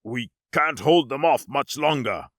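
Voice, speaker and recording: A man voicing a frightened alien officer who speaks in a hushed, halting way in an audiobook. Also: medium pitch, lively intonation, dry recording, studio quality. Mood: shaken. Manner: hushed, faltering. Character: shaken alien male officer, fearful.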